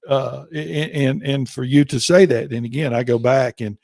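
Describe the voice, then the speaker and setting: A man in his sixties hosting a chat show, talking in a halting way with many restarts. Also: mid-range voice, steady tone, vocal fry, darkish tone, no echo. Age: 60s. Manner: halting, full of fillers and restarts. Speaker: show host. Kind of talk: casual chat.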